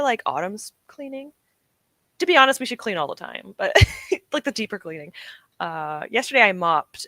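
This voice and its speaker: A woman's voice: mid-range voice, bright, forceful tone, no echo. A young woman streaming from home, chatting casually and encouragingly with her live chat, often laughing. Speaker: streamer hosting reading sprints.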